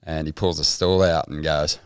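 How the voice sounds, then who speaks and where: An Australian man, a surf commentator guest, telling lively sweary stories in a casual interview. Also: a bass voice, moderate pace, clear, resonant tone, no echo, studio quality. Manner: lively storyteller, acts out voices, swears freely.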